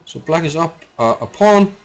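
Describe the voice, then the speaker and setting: A man's voice: a little high, lively intonation, normal speed. A man from Iceland, giving rambling, chatty live commentary on a chess game and answering viewers' chat.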